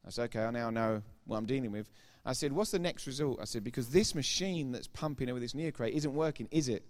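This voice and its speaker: A man's voice: mid-range voice, fast talker. Man, preacher, sermon testimony, retold dialogue, rising emphasis. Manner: retells dialogue with repeated "I said, he said"; grows loud and emphatic when preaching.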